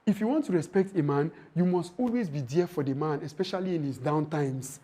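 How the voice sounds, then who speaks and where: A man's voice: fairly high pitch, a little fast, dark tone, husky. A man giving a leadership and relationship training talk to women, preachy and emphatic, who acts out the lines of husbands and wives as he teaches.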